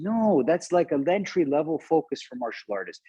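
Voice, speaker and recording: A man's voice: fairly high pitch, lively intonation, fairly quick, dark tone, husky, no echo, lo-fi sound. A man teaching a live online martial arts class, conversational and often checking in with questions. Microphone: video call.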